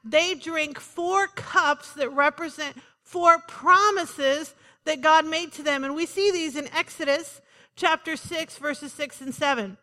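High bright woman preaching a sermon. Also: in a large hall. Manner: conversational with joking asides and repeated "Amen". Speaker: pastor.

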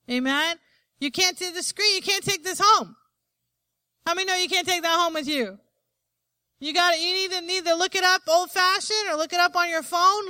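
High, bright-voiced woman preaching. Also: no echo. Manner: emphatic, asks the congregation for "Amen?". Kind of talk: sermon.

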